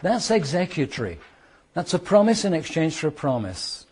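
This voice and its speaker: A British man lectures a classroom of students on law. His voice is husky and sits slightly high. He works through examples and repeats points, varying his pace for emphasis. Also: very animated, a little mellow. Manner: explains with worked examples, repeats points, speeds up and slows down for emphasis.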